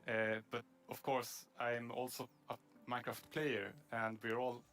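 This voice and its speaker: A man who works at a game studio, speaking haltingly with many restarts. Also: mid-range voice, little pitch movement, a bit bright.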